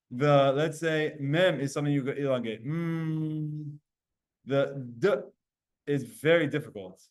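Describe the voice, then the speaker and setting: A man teaching a Talmud class to students, animated and explaining with spoken demonstrations of sounds. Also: mid-range voice. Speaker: Torah teacher.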